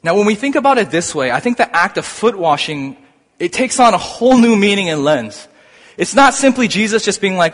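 A man delivers a sermon, working through scripture with animated, rising emphasis. His voice sits fairly high, and a long reverb trails behind it in a hall. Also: fairly quick. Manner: animated, builds to excited emphasis. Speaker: preacher.

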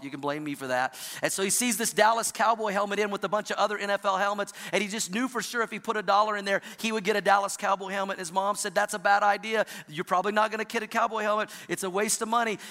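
Middle-aged male pastor, high bright voice, animated storytelling sermon in a reverberant hall. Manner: storytelling, animated, with playful asides.

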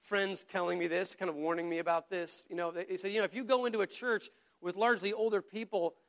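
A man's voice: sits high, steady tone, fast talker. A pastor preaching a sermon to his church in an earnest, conversational way, often repeating words as he goes.

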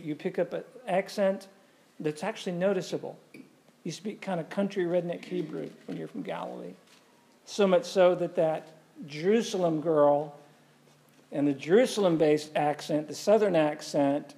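A man's voice: fairly high pitch, mellow. A man preaching a sermon in a conversational way, often asking the congregation questions. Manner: conversational, asks the audience questions. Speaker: pastor.

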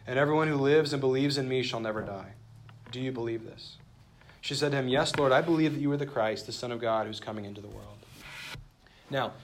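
A man preaching a sermon in an earnest, measured way, slowing down and dropping softly for emphasis and reading scripture aloud with heightened feeling. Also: medium pitch. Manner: earnest, measured preaching with dramatic slowdowns and soft drops. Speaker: pastor.

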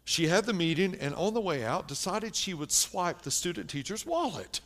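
A man preaching a sermon, telling a story with lively shifts between hushed and loud delivery. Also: high-pitched, moderate pace. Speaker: pastor.

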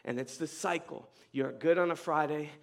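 Young male youth pastor with a slightly high voice, casual storytelling sermon, animated and slangy, with sudden loud bursts and quiet earnest stretches. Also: moderate pace, creaky.

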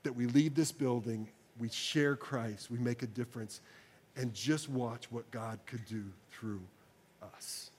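Earnest pastor closing a sermon. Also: male voice, mid-range voice, fairly even intonation, a little mellow, a little hiss or hum. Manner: slows to repeat phrases with congregation; earnest, pleading prayer. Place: church sanctuary, broadcast service.

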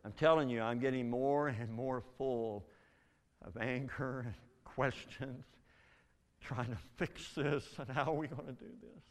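An older man giving a spoken testimony, telling a story earnestly with halting restarts. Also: mid-range voice, fairly even intonation. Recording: long reverb in a large hall.

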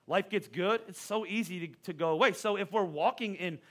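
A middle-aged male pastor preaching a sermon, telling a funny personal story with lively, self-deprecating humor. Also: high voice, fairly quick.

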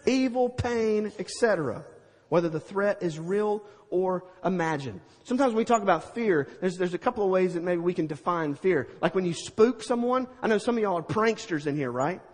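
Middle-aged male preacher, high husky voice, lively storyteller, echoing hall. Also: moderate pace. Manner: animated, acts out scenes with sound effects. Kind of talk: storytelling sermon.

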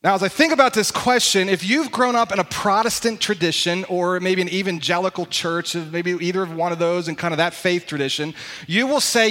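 A middle-aged man, a pastor, preaching a sermon in a church in a conversational, emphatic way with slow pauses on key words. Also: high voice, pushed and bright. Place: church sanctuary.

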